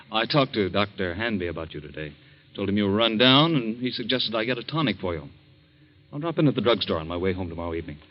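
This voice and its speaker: An actor playing a smooth, scheming husband, speaking in a casual, evasive way in a 1940s radio drama. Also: male voice, on the low side, lively intonation, fairly quick, lightly acted. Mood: offhand. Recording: dull old radio recording.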